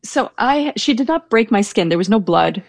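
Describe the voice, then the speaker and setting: A woman's voice: a little high, lively intonation, moderate pace, no room sound, clean studio sound. A young woman telling a personal story in casual chat, hesitant, with many fillers and restarts. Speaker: storyteller guest. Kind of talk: casual anecdote.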